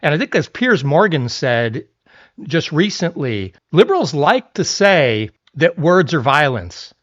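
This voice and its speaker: Lively opinionated man on dull audio. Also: on the high side, a little slow. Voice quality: blunt, conversational, opinionated. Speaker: commentary channel host. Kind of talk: opinionated political commentary.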